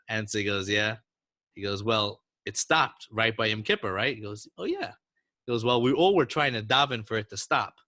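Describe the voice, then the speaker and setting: A man's voice: mid-range voice, sharp tone, no echo. A man co-hosting a podcast, casually chatting and telling a story with lots of animation and frequent laughter. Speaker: podcast co-host.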